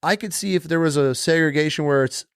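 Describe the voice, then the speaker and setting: A man's voice: on the high side, brisk, clear, resonant tone, dry recording, clean studio sound. A man hosting a podcast, chatting casually and bluntly with his guest. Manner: blunt, profane agreement. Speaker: podcast host. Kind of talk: casual interview chat.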